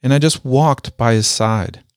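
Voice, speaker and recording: A man telling a personal story with a military background, speaking emphatically, repeating key phrases and slowing down to stress them. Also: medium pitch, dry recording, studio quality. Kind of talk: motivational storytelling.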